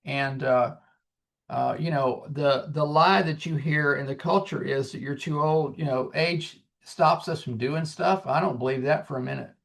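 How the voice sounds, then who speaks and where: A man in his sixties, a singer-songwriter guest, telling his story in an earnest, animated way and acting out the dialogue. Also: fairly high pitch, moderate pace, vocal fry. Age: 60s. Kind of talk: casual storytelling.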